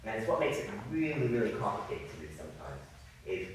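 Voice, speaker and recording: Male music coach leading a masterclass, animated and apologetic, heard from a distant mic in a very echoey hall. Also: lowish voice, quick pace, noisy background. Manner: apologetic, animated, demonstrating by singing. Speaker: viola masterclass teacher.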